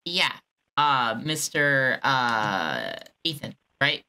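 A woman's voice: rumbling low, very animated, extremely slow, sharp tone, smooth. A woman baiting a phone scammer, sarcastic and teasing while she plays dumb. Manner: sarcastic, teasing, mock-naive. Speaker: scam baiter. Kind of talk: prank call with a scammer.

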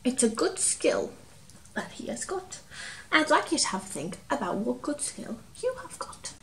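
A woman reading a picture book aloud to children, expressive, dramatic and gentle. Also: sits high, moderate pace, a little hiss or hum. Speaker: children's storyteller. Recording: roomy, distant from mic, faint ambience.

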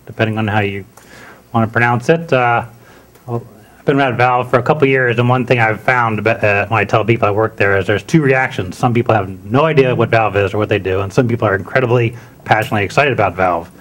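A man giving a conference talk, relaxed, with frequent "uh" fillers and restarts. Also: lowish voice, fast talker. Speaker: conference speaker. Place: conference room.

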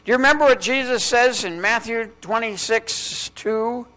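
A male pastor preaching a sermon in a church, with dramatic pauses and strings of rhetorical questions, dropping to a hush on key words. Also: very high voice. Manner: drops to a hushed voice on key words.

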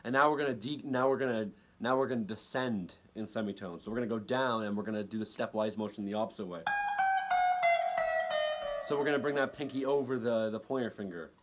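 Man teaching guitar over loud playing. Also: fairly low pitch, a little fast. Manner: relaxed, repeats himself, counts beats aloud. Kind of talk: casual instructional talk.

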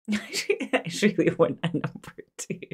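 A woman in her thirties, hosting a movie reaction in a gushing, exclamatory way and thinking out loud. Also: medium pitch, very animated, takes it slowly, slightly rough. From Scotland.

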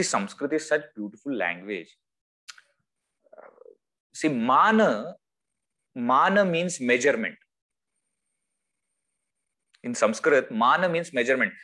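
A man with an Indian English accent giving a spiritual discourse over a video call, telling stories with lively swings of voice. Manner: lively storytelling, acts out quoted voices with wide swings in pitch. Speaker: spiritual teacher. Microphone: video call microphone.

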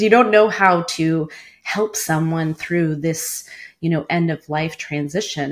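In an interview, a low-pitched woman in her forties who used to be a cancer doctor earnestly shares a personal story. Her speech is sprinkled with many "like" fillers.

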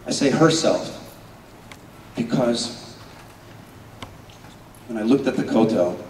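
A man playing an Israeli paratrooper telling a moving battle memory in a dramatic first-person monologue, earnest and swinging between loud urgency and hushed emotion. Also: medium pitch, slow pace, slight background noise, close to an everyday voice. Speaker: stage performer. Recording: echoey hall from far off.

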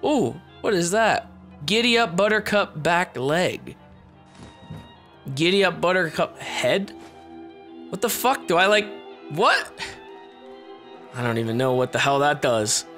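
A man giving excitable let's play commentary, swearing and shouting as he plays. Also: fairly high pitch, unhurried, long pauses. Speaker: gameplay commentator. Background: game music.

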